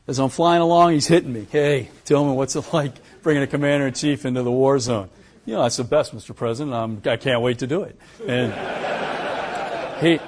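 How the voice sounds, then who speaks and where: An older American man, a retired pilot, giving a lecture and telling stories from his career, acting out the dialogue with lively chuckles. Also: medium pitch. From United States. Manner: animated storyteller who acts out quoted dialogue, chuckling. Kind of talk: anecdotal lecture storytelling.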